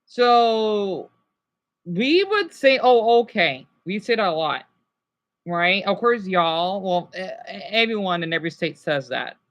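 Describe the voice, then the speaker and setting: A woman's voice: mid-range voice, expressive, a little slow, a bit bright, lo-fi sound. A woman streaming live and chatting casually with her viewers.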